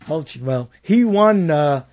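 A man's voice: on the high side, lively intonation, slow pace, a little mellow. A man hosting a talk show in casual chat, rambling and trailing off mid-thought. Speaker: show host.

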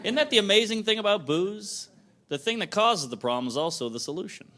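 A man's voice: sits high, animated, fairly quick, sharp tone. A young man doing a casual stand-up comedy set, chuckling at his own jokes. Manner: casual, self-amused, laughs at own jokes. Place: comedy club stage. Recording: live comedy club, audience laughter and noise. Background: audience laughter.

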